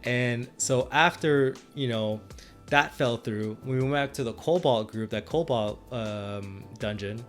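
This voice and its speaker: A man's voice: mid-range voice, a little slow, soft background music. A man co-hosting a podcast and retelling his tabletop game sessions as game master, rambling with frequent restarts and laughs. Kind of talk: casual chat.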